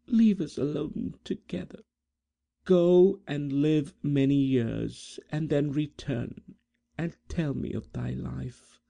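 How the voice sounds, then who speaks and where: A man voicing a gentle, fragile young woman in mourning, in a high girlish voice, in an audiobook reading. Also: slow, creaky. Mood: mournful, solemn.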